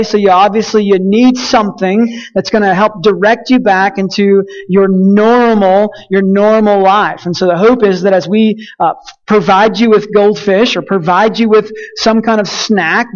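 A young adult pastor from West Texas preaches a sermon in a high voice, captured with dull audio. He tells folksy stories packed with fillers and restarts.

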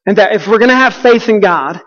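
Male preacher, high-pitched for a man, conversational storyteller, with a dull, muffled recording. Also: lively intonation, fairly quick, fairly bright tone, long reverb tail. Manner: storytelling, conversational, asks the audience questions. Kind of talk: sermon with a personal story.

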